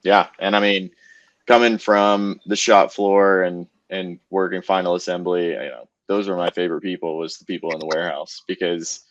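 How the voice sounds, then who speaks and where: A man's voice: deep voice, fairly even intonation, moderate pace, a bit bright, no room sound. A man hosting a podcast, asking interview questions in a casual way with lots of "um" and "kind of". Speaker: podcast host. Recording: dull, dry sound.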